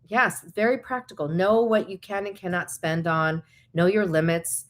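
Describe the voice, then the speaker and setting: A woman vlogger giving casual, encouraging and practical advice, chatty with quick asides. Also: lowish voice. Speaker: vlogger host.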